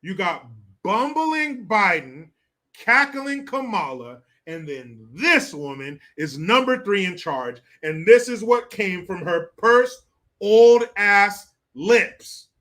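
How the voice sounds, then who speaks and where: A man's voice: high-pitched, animated, slow pace, fairly bright tone. A man hosting casual commentary, crude and mocking, laughing often. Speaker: streamer host.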